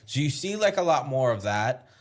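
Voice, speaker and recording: A man's voice: mid-range voice, very animated, normal speed. A man, a chef guest in a casual interview, explaining things as he thinks aloud, with small restarts along the way.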